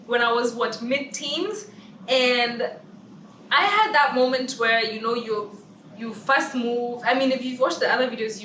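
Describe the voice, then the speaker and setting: Her voice is fairly high, pushed and bright: a young Kenyan-accented vlogger giving casual opinions and stressing them through emphatic repetition. Recorded distantly in a roomy space on the built-in camera mic without an external mic, with a little hiss or hum.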